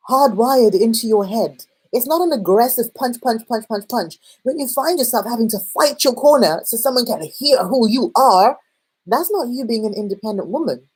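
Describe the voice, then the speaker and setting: A woman dating coach giving casual advice in a chatty, animated way, with playful asides to the viewer. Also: a little high, husky, poor audio. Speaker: dating and self-discovery coach.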